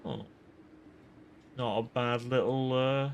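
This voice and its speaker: A man's voice: mid-range voice, measured pace, slight background noise. Joking, rambling male game streamer. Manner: rambling, jokey, talks to chat. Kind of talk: casual live-stream chat.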